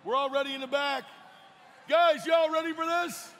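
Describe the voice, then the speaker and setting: A man with a Baltimore accent emceeing a robotics event, hyping the crowd with shouted, folksy calls over a microphone in a large arena. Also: very high voice, fairly even intonation, moderate pace. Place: large indoor competition arena. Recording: echoey arena with long reverb and crowd. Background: crowd and arena noise.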